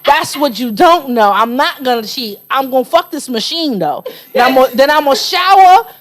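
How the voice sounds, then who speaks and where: A woman's voice: high-pitched, lively intonation, moderate pace. A woman in her late thirties talking bluntly and emphatically, swearing freely in a casual podcast chat. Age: 30s.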